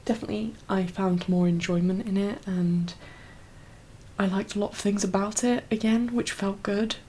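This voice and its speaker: Brief: young woman, soft-spoken ASMR chat, breathy half-whispers, teary and rambling, faint background hum. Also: mid-range voice, steady tone, normal speed, rough recording. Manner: rambling, full of fillers and laughs. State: teary, emotional. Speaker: ASMR creator.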